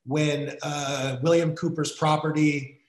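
American guy chatting, lots of uhs and restarts, kinda high voice, echoey room. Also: little pitch movement. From United States. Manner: halting, many fillers and restarts. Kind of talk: casual conversation.

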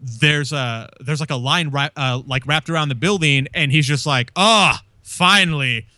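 Rambling chatty man, bright voice. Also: medium pitch, fairly even intonation, normal speed, no echo. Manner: rambling, restarts often, swears casually. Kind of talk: casual chat.

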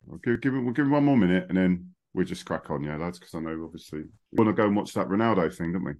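Chatty bloke hosting. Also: male voice, low-pitched, lively intonation, quick pace, hardly any pauses, a little mellow. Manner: chatty, rambling, laughs easily. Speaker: podcast host. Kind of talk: casual chat among friends.

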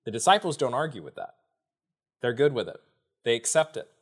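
Talking fairly quickly in a medium-pitched voice, a male author on a podcast explains a Bible story. He's animated throughout, playing the parts of the speakers he quotes.

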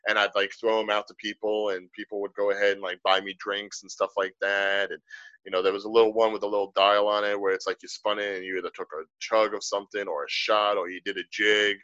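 A man co-hosting a podcast, chatting casually and telling stories in an animated way. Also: lowish voice, fast talker, no echo, muffled recording. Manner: animated, storytelling. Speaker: podcast co-host. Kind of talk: casual conversation.

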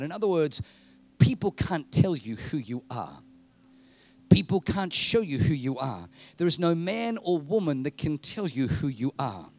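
A male preacher giving a sermon in an animated, comic storytelling manner. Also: a little high, measured pace. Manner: animated, comic storytelling, jumping between voices.

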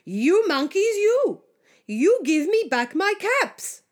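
Woman doing a grumpy storybook cap seller, loud and scolding. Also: very high voice, big pitch swings, slow, pitched above the performer's own voice, full character voice. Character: frustrated male cap peddler shouting.

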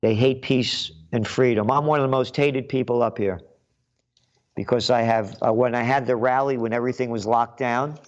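A man's voice: medium pitch, fairly even intonation, normal speed, highs cut off. A man hosting his own show, delivering a blunt, combative, emphatic commentary monologue. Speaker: show host.

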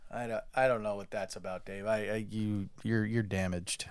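A man co-hosting a podcast in casual chat, rambling with lots of halting restarts. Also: lowish voice, fairly even intonation, smooth, dry recording. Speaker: podcast co-host.

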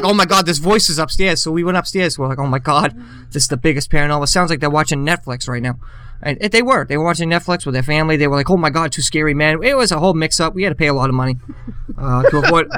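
A man's voice: fairly high pitch, pushed and bright, smooth. Man doing a flustered, rambling ghost-hunter fan. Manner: rambling, flustered, full of filler. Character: overexcited male amateur ghost hunter fan.

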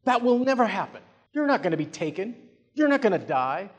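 A man's voice: sits high, very animated, fairly quick, lo-fi sound, voice pushed up. A man voicing an impulsive, rash male disciple who speaks eagerly and emphatically, in a hall with long reverb.

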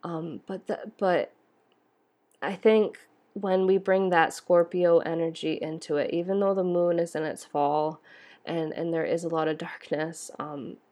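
A woman's voice: fairly low pitch, fairly even intonation, unhurried, a little mellow. A young woman hosting an astrology podcast, talking in a rambling, tearful way with lots of fillers and restarts. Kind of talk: emotional podcast monologue.

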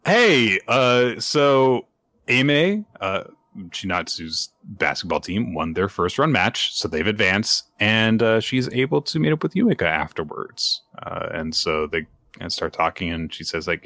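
A man co-hosting a casual podcast, retelling a chapter in a chatty way with lots of fillers and pitch jumps for quoted lines. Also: expressive, measured pace, bright, forceful tone, no room sound. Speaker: podcast co-host. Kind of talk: casual chat recapping manga chapters.

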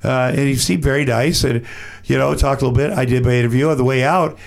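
A middle-aged man, a podcast guest, telling a rambling story in a casual, animated way and acting out the quotes. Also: mid-range voice, quick pace, gravelly.

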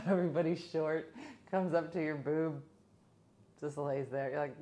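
A woman's voice: low-pitched, slow pace, long pauses, dark tone, slight background noise. A woman in her fifties chatting casually and coaxing her dog, treating it as her playful co-host. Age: 50s. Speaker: host of a home pet show.

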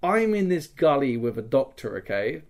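A man in the middle of a loose, chatty podcast story, with a voice in an ordinary middle pitch. He talks in an animated way, drops in casual swearing, and keeps checking in with his listener with "okay?" between the beats. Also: normal speed. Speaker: podcast host recounting a live-action role-play weekend.

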